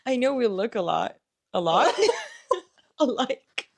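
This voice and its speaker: A woman's voice: on the high side, big pitch swings, slow, gravelly. A young woman co-hosting a podcast in casual chat, teasing and joking, a little tipsy. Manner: teasing, joking, laughing often. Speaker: podcast co-host.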